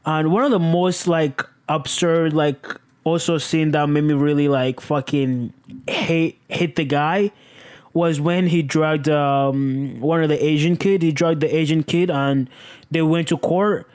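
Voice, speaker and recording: A speaker casually recapping a crime show, animated and profane, often jumping to high exclaims. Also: measured pace, smooth. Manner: animated, swearing, exclamatory, with sudden leaps in pitch.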